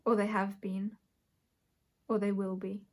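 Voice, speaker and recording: A woman with a mid-pitched voice gives an intuitive tarot reading. She talks her way through it, stopping to rephrase and correct herself and breaking into small laughs. The pace is unhurried and reflective. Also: flat delivery. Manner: searching, self-correcting, thinks aloud with soft laughs. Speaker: tarot reader.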